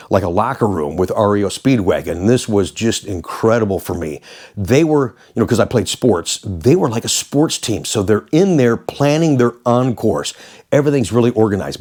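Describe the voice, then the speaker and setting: A man in his sixties, a former radio DJ and host, telling rambling, animated anecdotes casually. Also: lowish voice. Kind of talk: casual storytelling.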